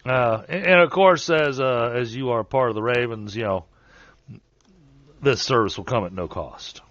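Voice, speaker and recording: A man narrating as game master of a tabletop game, halting and full of fillers, over a dull online call. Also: mid-range voice, a bit bright, no echo.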